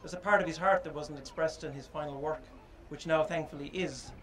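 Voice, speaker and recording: Halting, higher-voiced man. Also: fairly even intonation, a bit bright, rough recording. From Ireland. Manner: halting and reflective, with many pauses and fillers. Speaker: speaker at a statue unveiling. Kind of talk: informal public speech.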